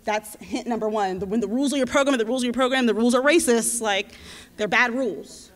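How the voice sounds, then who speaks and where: A woman in her twenties, a community organizer, telling a lively, slangy story at a teach-in. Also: a little high, fast talker. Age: 20s. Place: lecture hall. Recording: reverberant hall.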